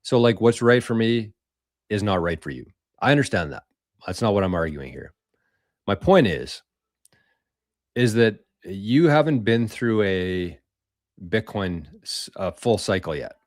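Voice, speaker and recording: Man, live-stream host, low voice, dry close sound, rambling, casual, profane. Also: animated, a little slow, pauses often, no echo. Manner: rambling, loose and profane, chatting with viewers. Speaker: podcast host.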